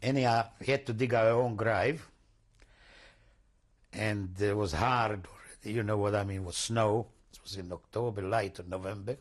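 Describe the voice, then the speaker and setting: Older man giving halting testimony. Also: on the low side, fairly even intonation. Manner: halting, searching for words, repeats himself; non-native English, broken grammar. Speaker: interviewee. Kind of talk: oral history testimony.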